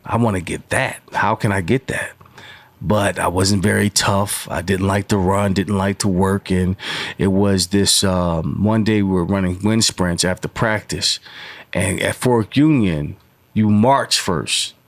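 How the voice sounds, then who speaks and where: Low-voiced man telling old stories. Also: measured pace, no echo. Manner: rambling with many fillers and acted quotes. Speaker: guest. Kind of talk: casual storytelling interview.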